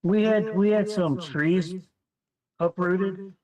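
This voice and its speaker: Man, higher voice, animated storyteller, set back from the mic. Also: takes it slowly, distant mic, poor audio. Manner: animated storyteller, acts out quotes. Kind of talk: casual storytelling chat.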